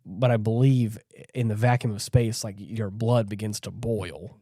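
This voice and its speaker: A podcast co-host with a warm, fairly low, steady voice retells a horror film scene by scene at a measured pace. His casual movie recap chat is loose, rambling and full of fillers, with acted quotes, recorded at studio quality with no room sound.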